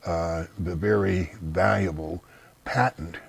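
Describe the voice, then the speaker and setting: Man, very deep voice, husky, blunt, dismissive, rambling interview answers. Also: fairly even intonation, slow pace. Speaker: interview guest. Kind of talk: casual conversational interview.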